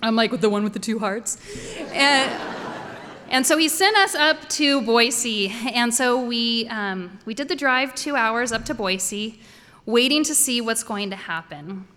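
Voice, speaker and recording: A woman's voice: a little high, fairly bright tone. A woman telling a personal story before an audience, conversational and wryly humorous. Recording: echoey hall.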